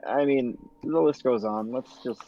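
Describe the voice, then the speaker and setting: A man at the game table speaking calmly and reasonably, his voice gravelly. He comes through a dull, lo-fi microphone. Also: medium pitch, normal speed, a crowd in the background. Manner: calm, reasoning. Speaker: player. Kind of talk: casual tabletop play. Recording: dull lo-fi mic.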